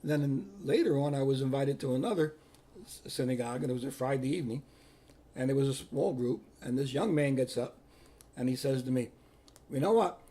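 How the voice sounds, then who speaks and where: An older man, a priest telling personal stories in an animated way, acting out what people said. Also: medium pitch, a little fast. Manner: animated, repeats himself, acts out quotes. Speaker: Catholic priest. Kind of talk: personal storytelling.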